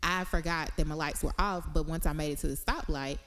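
A woman's voice: deep voice, steady tone, fairly quick, a bit bright. A young woman, co-hosting a podcast, telling a story in a dry, sarcastic, matter-of-fact way. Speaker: podcast co-host. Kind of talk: casual chat.

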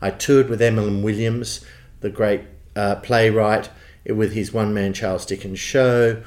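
A man in his sixties in an interview, telling lively anecdotes and acting out quoted lines. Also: lowish voice, measured pace. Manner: animated anecdotes with acted-out quotes. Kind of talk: storytelling interview.

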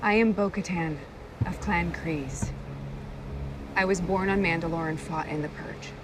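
A woman's voice: on the low side, fairly even intonation, a little slow, natural voice. An actress playing a proud woman warrior, last of her noble clan, speaking in a stern, commanding way, heard from a noisy clip.

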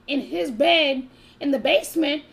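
Woman co-host, high voice with gravelly fry, animated, profane storyteller. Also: measured pace. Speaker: podcast co-host. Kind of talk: casual chat.

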